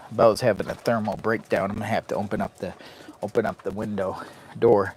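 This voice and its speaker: A man's voice: fairly low pitch, little pitch movement, fairly quick, darkish tone, slight background noise. Man, camping vlogger, hot and sweaty in a heated tent, rambling live-stream chat, dotes on his dog. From Michigan. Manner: rambling, talks to his dog in a doting baby voice. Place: inside a heated tent in the rain.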